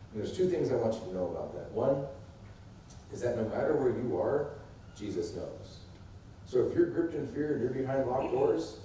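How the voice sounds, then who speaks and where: A man's voice: medium pitch, mellow, slight background noise. A man preaching a sermon as pastor, talking conversationally and acting out the quotes he discusses. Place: church sanctuary. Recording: echoey room heard from a distance.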